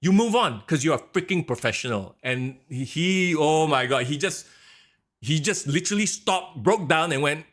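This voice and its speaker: Man, fairly high lively voice, podcast co-host who rants and mimics commentators. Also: normal speed. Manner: animated, ranting, mimics announcers. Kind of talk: casual wrestling podcast chat.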